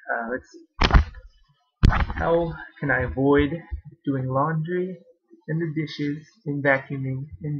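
A man's voice: mid-range voice, slightly rough, dull audio. A young man in a casual vlog at home, rambling and sarcastic about college, laughing often, recorded on a webcam. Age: young adult. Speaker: vlogger.

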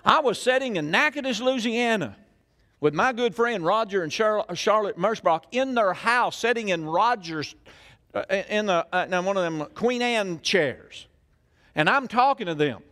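A man's voice: high-pitched, animated, measured pace, pushed and bright. An older man, preaching a sermon in a church in a folksy storytelling way full of questions to the crowd. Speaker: pastor.

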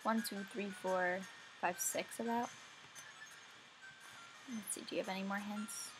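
A woman's voice: medium pitch, fairly even intonation, a little slow, rough recording. A young woman casually commenting on her gameplay, talking to herself and yawning now and then. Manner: chatty, talks to herself while playing. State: sleepy, yawning. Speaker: let's play gamer. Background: faint game music.

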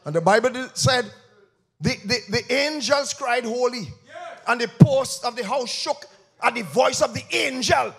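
Gravelly-voiced preacher with a lilt. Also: male voice, expressive, measured pace. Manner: swings from shouted emphasis to low quiet intensity, repeats phrases. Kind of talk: sermon. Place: church.

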